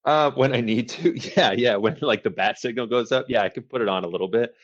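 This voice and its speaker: A man's voice: mid-range voice, brisk, dull audio. A man from the Boston area, a filmmaker guest on a podcast, chatting casually and laughing often. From Boston area, USA. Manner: laid-back, swears casually, laughs often. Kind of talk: casual chat.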